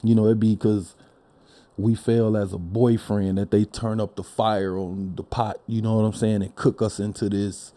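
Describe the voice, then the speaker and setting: Blunt, profane Detroit man with a mellow voice. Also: on the low side, little pitch movement, normal speed. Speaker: podcast host. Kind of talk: casual opinion monologue.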